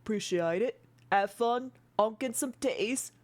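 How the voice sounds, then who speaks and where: A woman's voice: on the high side, measured pace, voice pushed up, lightly acted. A woman voicing a timid, eager-to-please old male helper with cloudy eyes. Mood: bashful.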